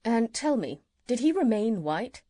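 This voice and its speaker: A woman reading an audiobook and voicing a kind, curious male doctor with polite, gentle questions. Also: fairly high pitch, big pitch swings, a little slow, dry recording, pitched above the performer's own voice. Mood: inquiring. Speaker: audiobook reader.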